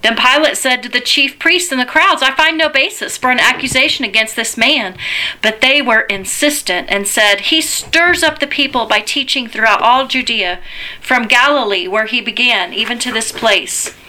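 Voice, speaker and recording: A woman giving a measured, deliberate liturgical Bible reading as a scripture reader. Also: on the high side, pushed and bright.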